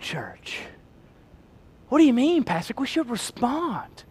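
High-pitched pastor preaching. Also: male voice, wildly swooping pitch, takes it slowly, breathy edge. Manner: swings between shouting and hushed near-whispers; folksy Southern phrasing, humorous asides. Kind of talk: sermon.

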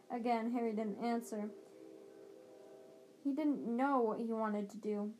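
Casting: fan audiobook reader, woman, slightly high voice, some stumbles. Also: fairly even intonation, unhurried, long pauses, a little mellow, a little hiss or hum, low-quality recording. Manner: occasional slips and restarts. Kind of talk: reading a novel aloud.

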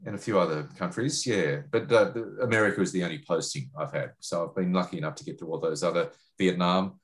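Deep-voiced middle-aged Australian male journalist, interview answers, halting with fillers. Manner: hesitant, many fillers and restarts. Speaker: journalist and foreign correspondent.

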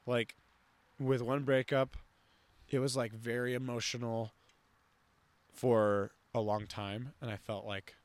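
A man's voice: medium pitch, level tone, slow, no room sound. A young man hosting a podcast, talking casually and rambling with lots of fillers and restarts. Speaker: podcast host. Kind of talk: casual conversation.

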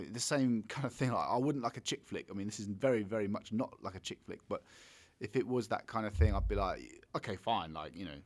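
A man co-hosting a casual film review chat, rambling with halting restarts and blunt swearing. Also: fairly low pitch. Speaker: podcast co-host.

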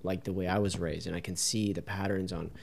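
Young man, very low voice, rambling, casual interview host, faint background noise. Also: little pitch movement, fairly quick, creaky. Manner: rambling, many fillers and restarts.

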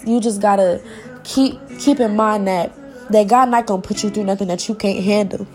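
A woman's voice: mid-range voice, lively intonation, moderate pace, darkish tone, faint music behind. A young woman, talking to her viewers in a personal vlog, heartfelt and informal, often repeating herself as she searches for words, close to tears at times.

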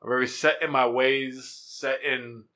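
A male podcast host in loose, casual banter. His voice is bright and forceful, and he ribs his co-host with bossy, jokey jabs while keeping the talk rolling. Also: medium pitch, steady tone, measured pace.

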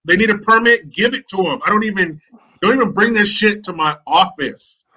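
A man's voice: sits high, brisk, bright, forceful tone, slightly rough, low-quality recording. A man talking as a guest on a podcast, ranting in a profane, mocking way. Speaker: podcast guest, online commentator. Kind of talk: casual podcast chat.

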